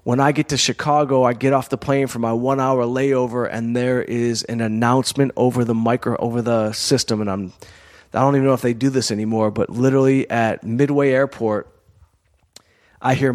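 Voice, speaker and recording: A man's voice: mid-range voice, steady tone, fairly quick. A man hosting his own show, telling a personal story in a candid, conversational way, full of "you know" and "like.". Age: adult, college-educated comedian and performer. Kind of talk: casual storytelling monologue.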